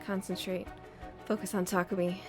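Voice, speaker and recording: A woman's voice: medium pitch, little pitch movement, moderate pace, over music, voice pushed down, close to an everyday voice. A woman voicing a drugged young woman held captive, groggy and then defiant and crude.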